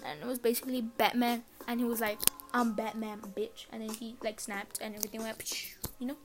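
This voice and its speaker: A woman's voice: fairly high pitch, level tone, fast, music in the background. A teenage girl chatting alone on her podcast from her bedroom, rambling and swearing casually. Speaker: podcast host. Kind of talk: casual solo podcast chat.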